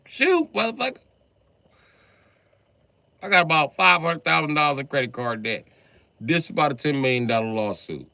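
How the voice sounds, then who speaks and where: A man's voice: medium pitch, animated, fast talker, vocal fry, pushed and bright, clear, resonant tone, dry recording. A man telling comic stories on a livestream, who swings into mock-formal speech. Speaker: livestream comedian. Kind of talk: stand-up style storytelling.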